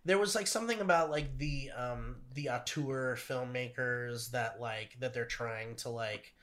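A man co-hosting a podcast, excitable and rambling through his points. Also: medium pitch, unhurried. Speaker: podcast co-host. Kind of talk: casual podcast banter.

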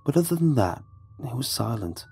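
A man's voice: mid-range voice, sing-song, moderate pace, gravelly, a little mellow, breathy edge, soft background music, exaggerated voice. A man voicing a frightened young man, hollow and breaking. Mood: fearful. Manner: hollow, breaking into manic rambling. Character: frightened young man trapped by a storm, unraveling.

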